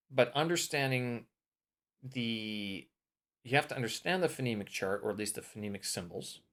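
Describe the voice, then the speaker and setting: A man hosting a vlog, casually talking through course material while thinking aloud, trailing off and restarting, and testing word stress aloud on single words. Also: on the low side. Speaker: language-learning vlog host.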